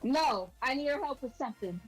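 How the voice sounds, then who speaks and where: High-voiced woman playing a role-play game. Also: lively intonation, brisk, music in the background, rough recording. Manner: casual, blunt and defiant. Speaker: player.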